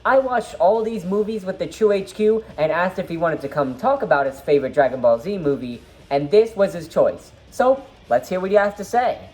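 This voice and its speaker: A woman's voice: fairly low pitch, animated, normal speed, hardly any pauses, warm tone. A woman giving a casual movie review vlog, rambling and enthusiastic with lots of fillers.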